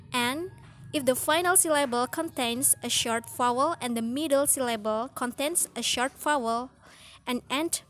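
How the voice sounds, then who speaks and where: Slow-reading young woman student. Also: a little high. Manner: slow, careful reading with spoken example words. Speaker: student presenter. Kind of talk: read-aloud class presentation.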